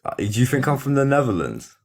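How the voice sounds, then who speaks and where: A man's voice: medium pitch, huge pitch swings, brisk, vocal fry. A British man calling into a live stream, arguing in a sarcastic, condescending way. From Britain.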